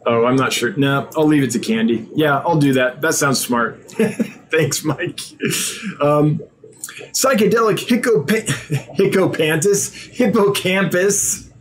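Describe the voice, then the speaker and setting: Tired, slightly high-voiced man. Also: lively intonation, slow, pauses often, slight background noise. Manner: reads usernames aloud, chatty, stumbles over words. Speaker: live-stream host reading viewer chat. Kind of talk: casual live-stream chat.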